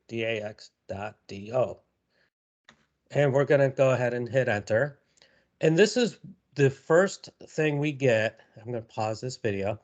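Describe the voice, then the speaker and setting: A man with a mid-range voice presents a live software tutorial, talking casually with many fillers and repeated words. The recording sounds muffled.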